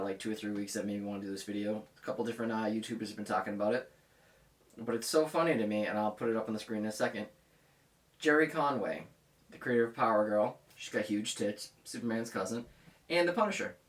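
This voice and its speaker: A comics vlogger in his thirties launches into a heated, profane, and blunt rant in a casual monologue. His voice is lowish with a fairly bright tone.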